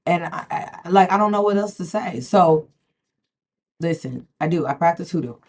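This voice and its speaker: A woman's voice: fairly low pitch, lively intonation, moderate pace, a little mellow, slight background noise. A woman, talking casually and emphatically to camera as a spiritual vlogger, repeating herself and often asking "okay?". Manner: emphatic, repeats words, keeps checking in with "okay?". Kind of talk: casual direct-to-camera talk.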